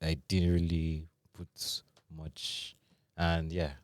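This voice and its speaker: A man's voice: sits low, completely flat delivery, takes it slowly, a little mellow, no room sound. A young Nigerian man with a Nigerian accent, hosting a casual studio podcast and joking and laughing with his co-hosts. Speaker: podcast host. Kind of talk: casual chat.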